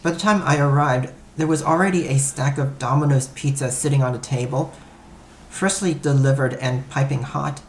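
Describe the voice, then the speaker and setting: A man's voice: medium pitch, moderate pace, slight background noise. Man, first-person story narrator, matter-of-fact, echoey room. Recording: roomy echo.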